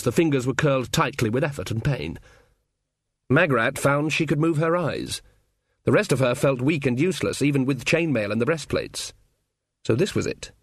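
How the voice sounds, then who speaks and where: A man narrating a fantasy audiobook in a measured, even storytelling manner, recorded close. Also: medium pitch, dry recording. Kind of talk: scripted narration.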